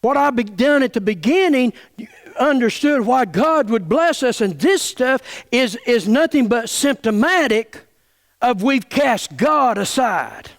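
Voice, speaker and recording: Male pastor, high voice, fiery and folksy, stammers, middle-aged. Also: animated, unhurried. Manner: stammering restarts, folksy, angry. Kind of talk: fiery sermon.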